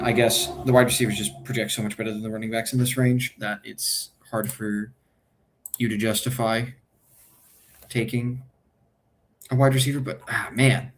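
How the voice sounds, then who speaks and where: Man, lowish voice, casual streamer, thinking aloud, hesitant, self-correcting. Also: fairly even intonation, normal speed, pauses often, a little hiss or hum. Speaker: fantasy football streamer.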